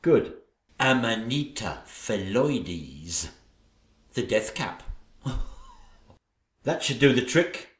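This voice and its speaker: A man's voice: mid-range voice, very animated, echoey room. A man voicing a vain, scheming wicked stepmother queen in a theatrical audio play. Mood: sly. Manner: theatrical, gloating, drawn-out delivery.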